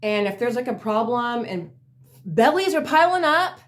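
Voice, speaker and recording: A woman's voice: a little high, lively intonation, normal speed. A woman casually telling funny work stories on her vlog, rambling with lots of fillers and laughing at herself. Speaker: vlogger. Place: at home in a chair.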